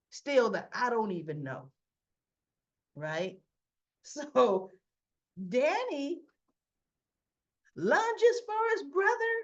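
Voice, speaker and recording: A woman's voice: sits high, muffled recording. A woman hosting a casual soap opera recap, chatty, acting out the characters' lines and adding asides.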